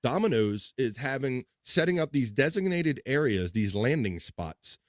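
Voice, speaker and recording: A man's voice: mid-range voice, sing-song, a little slow, dry recording, studio quality. A man hosting a casual livestream, chatting loosely, swearing and laughing as he reads comments. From Baltimore. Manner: loose, profane, laughs often. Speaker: livestream host. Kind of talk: casual chat reading live comments.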